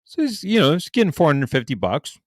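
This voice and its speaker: A man's voice: fairly high pitch, brisk, no echo. A young adult man, a podcast co-host, telling a story in casual chat, swearing freely and acting out what others said in a raised voice. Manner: animated, profane, acts out quotes in a raised voice.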